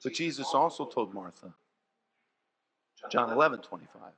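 A pastor preaching a sermon, telling stories in an animated way and swinging from soft, low passages to loud ones. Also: male voice, normal speed. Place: church. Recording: long church reverb.

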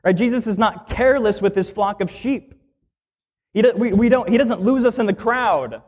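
A man's voice: high voice, moderate pace, a little mellow. Conversational man teaching a sermon. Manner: explains scripture plainly, asks the listeners rhetorical questions. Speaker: minister.

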